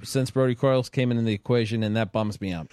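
A man's voice: mid-range voice, fast talker, a little mellow, no room sound, clean studio sound. A man co-hosting a sports podcast, joking and often restarting his sentences. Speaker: podcast co-host. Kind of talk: casual sports chat.

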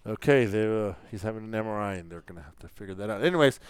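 A man co-hosting a casual football talk show, recapping plays with lively, dramatic emphasis. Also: lowish voice, racing, clean tone, no echo. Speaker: co-host. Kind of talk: casual sports chat.

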